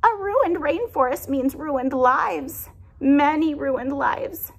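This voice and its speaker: Squeaky little forest critter begging, high and earnest, lady reading it. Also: takes it slowly. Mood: pleading. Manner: pleading, high-pitched.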